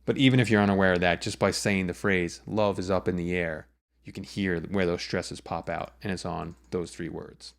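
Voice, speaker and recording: Low-voiced man teaching songwriting. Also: steady tone, moderate pace, gravelly, hardly any pauses. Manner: patient, methodical, walks through examples step by step. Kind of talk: explanatory lesson.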